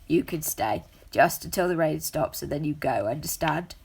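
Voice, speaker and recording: Lady doing a gruff growly street cat girl, gravelly and husky, snappy and suspicious. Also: sits low, lively intonation, normal speed, a little mellow, full character voice. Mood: blunt.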